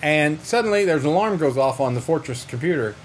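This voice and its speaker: A man casually retelling a comic book story on a podcast, animated and quick to slip into character voices. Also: a little high, slight background noise. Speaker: podcast co-host.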